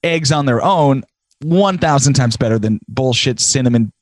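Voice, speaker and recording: A man's voice: medium pitch, lively intonation, normal speed, no echo. A man co-hosting a podcast in casual chat, blunt and argumentative, teasing his partner and swearing. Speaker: podcast co-host.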